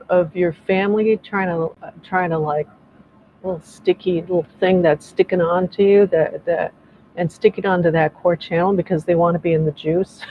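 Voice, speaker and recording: Soft-spoken woman leading an energy clearing. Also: lowish voice, dull audio, a little hiss or hum. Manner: soft, encouraging, meandering with restarts. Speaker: energy healer leading a group session. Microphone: video call.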